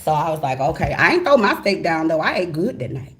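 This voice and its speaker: A woman host telling a profane, animated story in a casual monologue. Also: low-pitched, a little fast. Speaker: tarot channel host.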